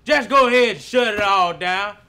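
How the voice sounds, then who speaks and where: A man playing a loud blustering mechanic. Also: high-pitched, smooth. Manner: loud, fast-talking, flustered bluster. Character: boastful male mechanic shop owner, clueless about cars. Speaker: comic actor. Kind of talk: comedy film scene.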